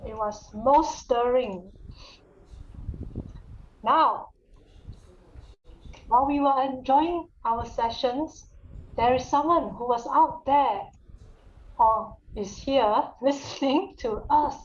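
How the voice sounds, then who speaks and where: Woman, meeting emcee, high voice, muffled video call audio. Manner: formal, unhurried introductions. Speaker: toastmaster of the day.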